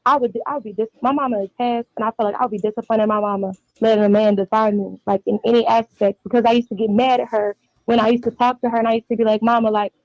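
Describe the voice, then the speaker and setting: A young woman from Texas calls in, her voice sitting a little high and running on with restarts as she tells her story. The call sounds dull and dry, like a phone line. She talks in a casual, rambling way. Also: steady tone, quick pace, a little mellow, dry recording. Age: 20s. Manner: long rambling personal story, restarts often. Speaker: caller.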